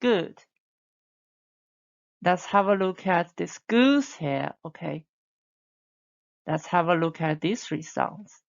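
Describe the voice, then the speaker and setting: A woman teaching a beginner Chinese lesson, modelling sounds slowly for learners to repeat. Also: lowish voice, lively intonation, creaky, dull audio. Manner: slow, drawn-out demonstration sounds for repeating. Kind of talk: online language lesson.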